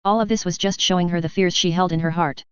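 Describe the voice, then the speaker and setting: A steady audiobook narrator reading a fantasy story in an even way. The voice is very smooth and sits at a middle pitch. The recording is dry and a little muffled. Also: quick pace, no room sound.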